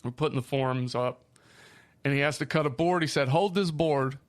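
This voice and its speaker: A man with a Midwestern accent chatting on a podcast, swearing easily as he tells stories. His voice sits at an ordinary middle pitch, and he talks loosely and casually. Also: normal speed. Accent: Midwestern American. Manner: swearing storyteller, lively. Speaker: podcast co-host. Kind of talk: casual chat.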